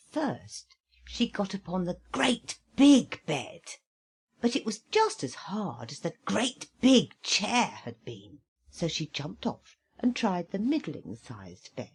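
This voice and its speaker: A woman reading a fairy tale aloud in an expressive storybook style, with dramatic slowdowns. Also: sits low, breathy edge.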